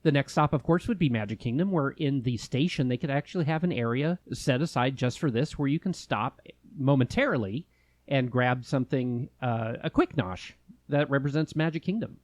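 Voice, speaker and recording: A man's voice: mid-range voice, normal speed, a little mellow, no room sound. A man from California co-hosting a podcast, joking and chatting casually with fillers. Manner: playful, jokey, trails off with fillers. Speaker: podcast co-host. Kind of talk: casual chat.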